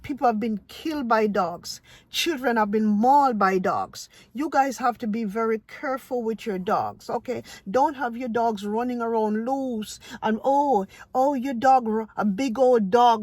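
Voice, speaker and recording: A woman's voice: fairly high pitch, normal speed, few pauses, darkish tone, no echo. A woman vlogger from Ohio, giving her opinion in an emphatic, lecturing way that repeats points. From Ohio, USA. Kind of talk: casual opinion vlog.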